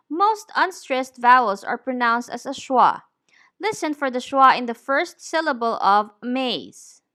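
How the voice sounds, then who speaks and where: A woman teaching English pronunciation, saying each word deliberately and clearly. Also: sits high, bright, forceful tone. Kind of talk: slow, careful pronunciation lesson.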